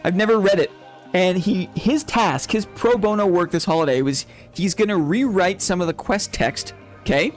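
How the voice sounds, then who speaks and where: A man's voice: high voice, moderate pace, soft background music. A young man hosting a casual live stream who rambles, laughs often and keeps asking "right?". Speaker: game streamer. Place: home streaming setup.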